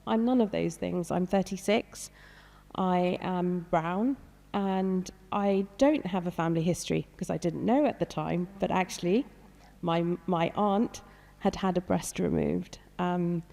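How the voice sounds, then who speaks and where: A woman's voice: on the low side, measured pace, gravelly, warm tone. A woman in her thirties, a doctor, speaking hesitantly with many fillers and some emotion on a panel discussion. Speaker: doctor and patient guest. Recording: long hall reverb.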